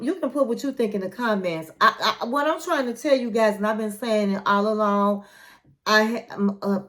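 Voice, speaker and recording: A woman hosting a casual reality-TV recap, chatty and opinionated, retelling scenes as she goes. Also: a little high. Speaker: recap channel host.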